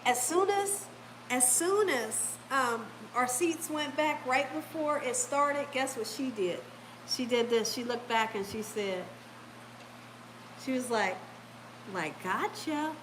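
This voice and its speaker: High-voiced woman telling a lively story. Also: takes it slowly, slight background noise, poor audio. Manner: animated, laughs often, acts out the people in her story. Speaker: vlogger talking to her live chat. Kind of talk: casual storytelling.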